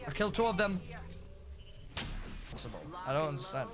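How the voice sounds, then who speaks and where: High-voiced young man calling shots. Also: sing-song, over loud music. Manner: terse rapid callouts, hums to himself. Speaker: streamer. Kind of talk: competitive gaming callouts. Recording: game gunfire over the voice. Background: game gunfire and effects.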